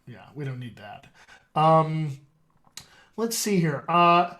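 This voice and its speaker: A man's voice: fairly high pitch, expressive, slow, fairly bright tone. Chatty man hosting as a dialect coach. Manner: chatty, upbeat, folksy asides. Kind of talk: casual live-stream chat.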